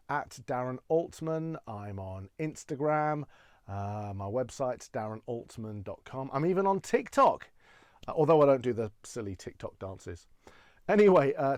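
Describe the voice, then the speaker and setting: A man's voice: medium pitch, animated, unhurried, a little mellow, no room sound, clean studio sound. Chatty male impressionist doing stand-up. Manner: chatty, self-deprecating, many fillers. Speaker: impressionist comedian. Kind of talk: stand-up comedy set.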